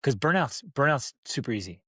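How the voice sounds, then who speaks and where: Male podcast host, mid-pitched, dry close sound, upbeat encouraging delivery. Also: big pitch swings, a little fast, sharp tone, slightly rough, dry recording. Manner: encouraging, emphatic, calls listener "brother". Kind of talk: casual conversation.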